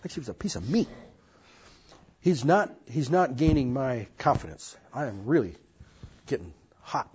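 A man's voice: mid-range voice, lively intonation, moderate pace, long pauses, a little mellow, husky. An older man earnestly telling his life story to an audience, with folksy asides, in a dull lo-fi recording. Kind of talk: personal testimony to an audience.

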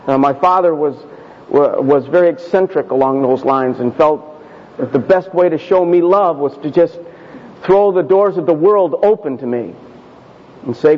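A male pastor telling a personal story in a sermon, conversational and self-deprecating, slowing down for emphasis. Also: on the high side. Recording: dull audio with long hall reverb.

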